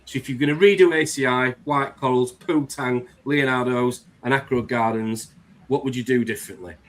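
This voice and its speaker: A man's voice: mid-range voice, moderate pace. A man hosting a live-stream chat, talking in an earnest, rambling way. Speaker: host.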